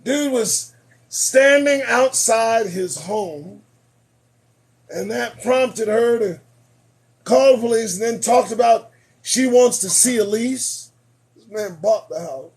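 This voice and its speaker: Speaking slowly in an extremely high-pitched voice, a man hosts a late-night commentary show as he loses his voice. His style is emphatic and preachy, with lines repeated for effect and swings from shouting to muttering.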